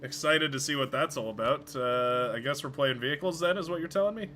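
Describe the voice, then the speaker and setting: Bright-voiced male game streamer. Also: medium pitch, a little fast, a little hiss or hum. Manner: rambling, stumbles over words, swears casually. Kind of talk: casual live-stream commentary.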